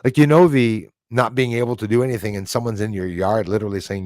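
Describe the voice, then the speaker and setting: A man hosting a live stream, telling a story in a casual, animated way full of fillers. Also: on the low side, fast, no echo, studio quality. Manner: animated, acts out quoted voices, frequent fillers.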